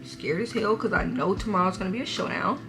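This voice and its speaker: A woman's voice: mid-range voice, fast, over music. A young woman, chatting and laughing through a dramatic story while doing her makeup. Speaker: vlogger. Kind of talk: get-ready-with-me story time.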